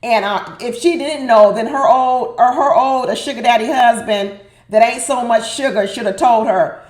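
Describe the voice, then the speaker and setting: Middle-aged woman, sassy and animated, fairly high voice, echoey room recording. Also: normal speed. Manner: sassy, animated, laughing, talks to the audience. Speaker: reality TV recap commentator. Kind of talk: casual recap commentary. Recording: roomy echo.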